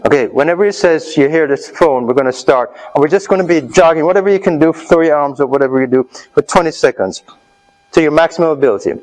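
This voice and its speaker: A man's voice: fairly high pitch, fast talker, poor audio. Man leading a health seminar. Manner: coaching, urging the audience on loudly. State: out of breath. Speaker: health speaker leading a workshop. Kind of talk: live seminar talk with group exercise.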